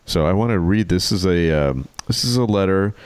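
Brief: male podcast co-host, low and animated, deadpan jokes, close dry mic. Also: normal speed, smooth, no echo. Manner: joking, wry storyteller. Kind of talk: casual comedic chat.

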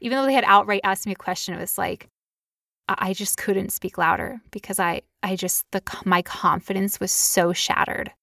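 A woman's voice: mid-range voice, normal speed, vocal fry, fairly bright tone, no room sound, clean studio sound. Candid woman sharing her story. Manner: candid, confessional, fillers like "like". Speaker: podcast co-host. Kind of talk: personal storytelling in casual chat.

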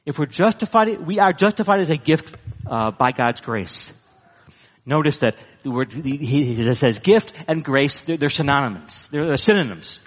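A man preaching with a lively voice that leaps high for emphasis and sinks low for solemn points. His voice is slightly higher than most men's and rings out with a long reverb across a large hall. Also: moderate pace. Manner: emphatic, rising to high bursts then dropping low for weight. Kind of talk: sermon.

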